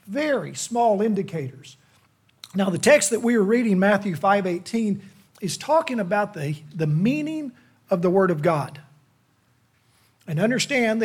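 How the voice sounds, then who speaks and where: A man's voice: sits high, breathy edge. A middle-aged man, a lay preacher delivering a sermon to a church in a folksy, self-deprecating, conversational manner.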